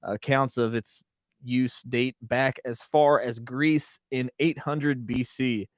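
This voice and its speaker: A man co-hosting a podcast, joking around and reading facts aloud in a steady explaining tone. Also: mid-range voice, slow pace, no room sound, studio quality. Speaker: podcast co-host.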